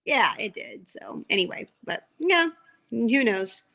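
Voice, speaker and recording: A woman's voice: fairly high pitch, big pitch swings, slow, gravelly, pushed and bright, rough recording. A woman chatting casually as a podcast guest, laughing often and trailing off into "I don't know". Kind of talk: casual chat.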